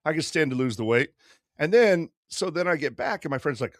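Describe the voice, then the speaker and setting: A man in his fifties, co-hosting a podcast and telling a long story casually, profane and quick to act out other people. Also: fairly high pitch, no echo, studio quality. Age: 50s. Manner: profane, animated storyteller doing quick voices. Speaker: podcast co-host.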